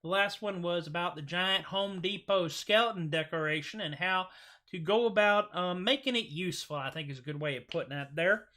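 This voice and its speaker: A middle-aged man with a high, bright, forceful voice hosts a casual livestream at a brisk pace. He rambles and jokes through his thanks and plugs, using plenty of fillers.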